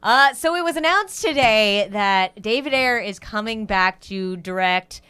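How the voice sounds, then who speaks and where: A woman co-hosting a movie talk show, presenting news in a relaxed way with frequent fillers. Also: medium pitch, a little slow, smooth. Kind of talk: casual movie news chat.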